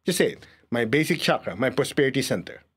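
A man's voice: medium pitch, very animated, fast talker, slightly rough. A man teaching an energy healing class, leading a live audience through a guided exercise. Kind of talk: guided group lesson.

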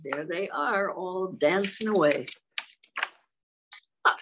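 A woman reading a picture book aloud to young children, slow and sing-song, stopping to ask them questions. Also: fairly low pitch, animated, a little hiss or hum. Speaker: children's storyteller.

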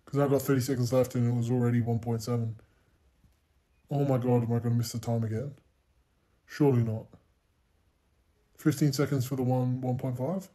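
A man's voice: medium pitch, fairly even intonation, a little fast, long pauses. Foul-mouthed young man commentating a race. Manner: profane, self-mocking, bursts into loud exclamations. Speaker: gaming channel host. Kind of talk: racing game commentary.

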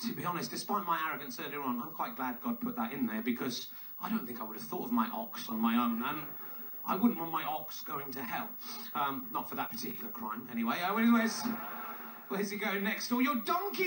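A man with a very high, bright voice delivers a sarcastic, mocking comedic monologue. He nitpicks as he goes. The voice is heard from a distance in an echoey room with faint noise.

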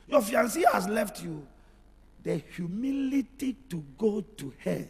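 A middle-aged pastor preaching with a raspy, gravelly voice pitched high for a man. He swings between hushed, intimate asides and full shouts. He is recorded in a reverberant hall with faint music underneath. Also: animated, slow, pauses often. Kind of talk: sermon.

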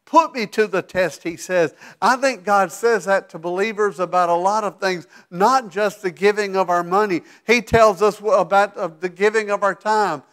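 Man, pastor, high voice, sermon, animated, emphatic peaks, hushed asides, church sanctuary. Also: moderate pace, few pauses.

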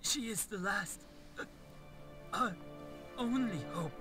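An actor playing a mysterious dying old man who speaks in weak, halting phrases and coughs between words. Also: sits high. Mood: urgent, weak. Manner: slow and halting, trailing off. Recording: distant voice under loud music.

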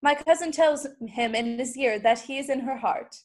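Teen girl playing a witty sharp-tongued noblewoman. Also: high-pitched, close to an everyday voice. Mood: teasing. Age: late teens. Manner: quick mocking wordplay. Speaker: student actor. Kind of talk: Shakespeare school play over video call. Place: home. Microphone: video call.

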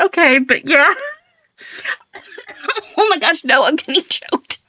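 A woman's voice: sits high, expressive, unhurried, pauses often, pushed and bright, dry recording, highs cut off. A woman streamer chatting casually on a live stream, giggly and flustered, laughing often as she reacts.

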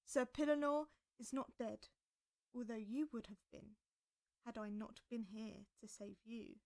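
A woman voicing a wise old male wizard in a storybook reading, speaking quietly and measured. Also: on the high side, gravelly. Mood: reassuring.

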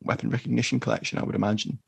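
A man co-hosting a podcast, talking in a relaxed, thoughtful way with frequent pauses to think. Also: mid-range voice, creaky, breathy edge, no echo. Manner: unhurried and thoughtful, with frequent ums. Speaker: podcast co-host. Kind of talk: casual chat.

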